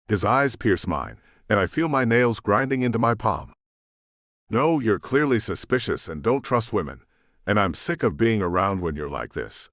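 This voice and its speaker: A male narrator reading a first-person romance audiobook with expressive, emotional delivery. His voice sits on the low side and moves lively through its pitch range. The recording is dry and close, without room sound. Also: normal speed, dry recording.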